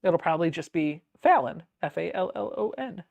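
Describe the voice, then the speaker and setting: A woman's voice: fairly low pitch, animated, brisk, creaky, darkish tone, no room sound. A woman hosting a quilting livestream, chatting casually as she reads viewer comments aloud and answers them, laughing often. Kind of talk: casual livestream chat while sewing.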